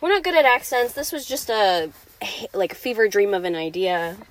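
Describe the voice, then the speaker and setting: A woman's voice: medium pitch, sing-song, normal speed. A young woman co-hosting a podcast, playful and self-mocking in casual chat. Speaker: podcast co-host.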